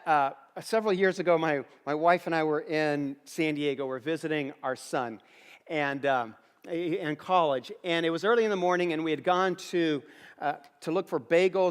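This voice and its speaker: A middle-aged man preaches with an earnest, storytelling manner, his voice sitting a bit higher than most men's. His words ring out through a large hall with a long reverb. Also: moderate pace, smooth. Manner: earnest, storytelling with repeated phrases. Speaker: pastor. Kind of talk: sermon. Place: church auditorium.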